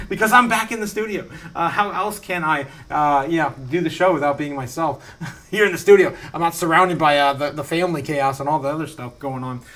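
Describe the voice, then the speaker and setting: This man's voice sits on the high side and is fairly bright, with a brisk pace. Hosting a casual live stream from his home studio, he reads viewer messages, rambles, laughs a lot, and often restarts amid many fillers.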